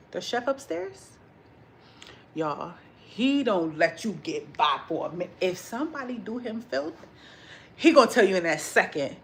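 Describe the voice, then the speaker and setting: A woman in a home kitchen chats casually with her livestream viewers, with a faint hum of background noise. Her voice sits at an average pitch for a woman, and she acts out other people's lines with big jumps in pitch. She tells her stories in an animated way and curses freely. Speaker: vlogger chatting with live viewers. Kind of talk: casual livestream chat while cooking.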